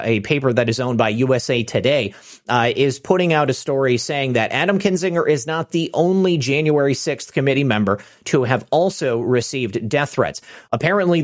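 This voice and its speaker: A man hosting opinionated political commentary, sarcastic and indignant. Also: medium pitch. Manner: sarcastic, indignant, chuckling asides.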